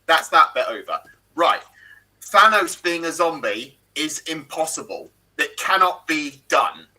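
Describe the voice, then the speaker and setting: A British man on a panel show with a very bright, sharp, tense voice that sits high. He argues in emphatic bursts and swears freely as he rants. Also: very animated, measured pace, low-quality recording. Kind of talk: casual pop-culture chat.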